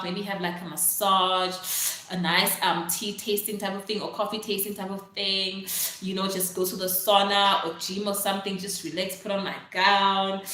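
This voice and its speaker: A woman's voice: medium pitch, pushed and bright. Chatty South African young woman, echoey room. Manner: chatty, many fillers like "like" and "literally", reads out viewer comments. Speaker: livestream host. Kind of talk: casual live-stream chat.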